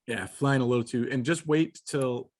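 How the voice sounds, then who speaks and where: A man's voice: mid-range voice, normal speed. A man co-hosting a podcast, chatting casually with slang and swearing. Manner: slangy and lively, swears freely. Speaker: podcast co-host. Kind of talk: casual chat.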